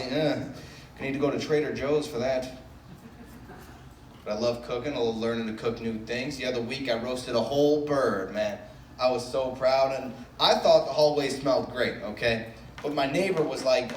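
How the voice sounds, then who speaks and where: On a comedy club stage, a Brookline, Massachusetts comedian does a loose, self-mocking stand-up set and riffs with the crowd. His mid-range voice moves at normal speed, caught by a distant mic in an echoey room with faint crowd ambience and a little hiss or hum.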